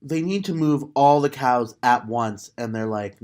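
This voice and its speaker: A young woman co-hosting a podcast, bantering with deadpan jokes in casual chat. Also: very deep voice, measured pace. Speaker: podcast co-host.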